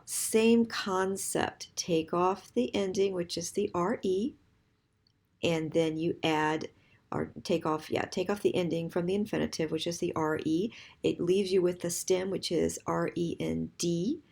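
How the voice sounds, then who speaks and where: Slow, low-voiced woman teaching grammar. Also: gravelly, a little mellow, slightly rough. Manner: patient, spells out endings letter by letter, counts one two three before answers. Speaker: French teacher. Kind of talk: recorded grammar lesson.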